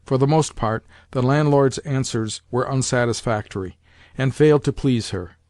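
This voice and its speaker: A man reading a classic novel aloud as an audiobook narrator in a measured, even manner. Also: medium pitch, dry recording.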